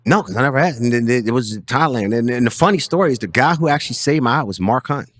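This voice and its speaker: A man's voice: medium pitch, animated, fast talker. A man, a fighter and coach, telling rambling, profane stories as a guest on a podcast in a studio. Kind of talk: casual storytelling.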